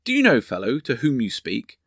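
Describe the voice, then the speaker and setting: A man's voice: medium pitch, wildly swooping pitch, a little fast, creaky, fairly bright tone, dry recording, clean studio sound, exaggerated voice. A man voicing a drunken, arrogant young nobleman who sneers and slurs as he talks. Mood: haughty. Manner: slurred, sneering, haughty.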